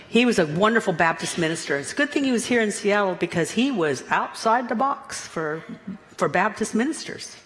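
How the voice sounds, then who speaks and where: A woman minister giving a Sunday sermon in a playful, animated way, chuckling at her own asides. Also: medium pitch, in a large hall. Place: church sanctuary.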